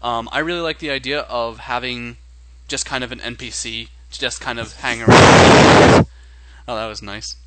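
Bright-voiced rambling male podcast co-host. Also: mid-range voice, fairly even intonation, moderate pace, dry recording, rough recording. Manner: rambling, thinks aloud. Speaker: podcast co-host and game master. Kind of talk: casual podcast chat.

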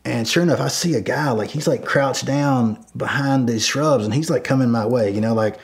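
A middle-aged man recounts a tense memory in a loose, conversational way. His voice sits at an ordinary pitch, and he keeps restarting sentences and leaning on fillers as he talks. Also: normal speed. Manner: rambling, many fillers and restarts, shouts quoted lines loudly. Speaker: storyteller guest. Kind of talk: casual spoken storytelling.

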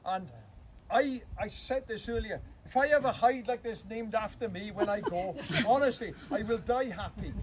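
High-voiced Welsh man joking with a crowd. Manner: chatty, teasing, rambling, with lots of asides. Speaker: guest speaker opening a bird hide. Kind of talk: humorous off-the-cuff public speech. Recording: crowd noise and background chatter.

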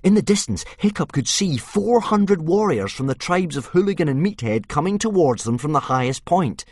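A man narrating an audiobook with vivid, dramatic storytelling that drops to a hush in tense moments. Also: a little high, sing-song, moderate pace, dry recording, studio quality.

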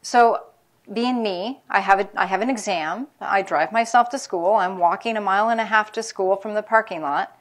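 A woman's voice: mid-range voice, moderate pace. A middle-aged woman physician giving a public lecture on caregiving, speaking frankly and telling personal stories. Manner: candid, anecdotal, speaks frankly about caregivers' feelings. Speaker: palliative care physician.

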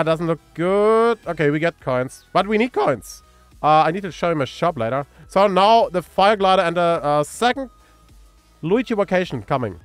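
A man with a German accent giving casual, excitable commentary on a mobile game while reading chat aloud. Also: fairly high pitch, no room sound. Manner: excitable, cheers at pulls and reads chat aloud.

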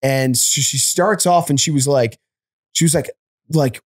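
A man telling an animated, profane story on a casual comedy podcast. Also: medium pitch, measured pace. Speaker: comedian podcast co-host or guest.

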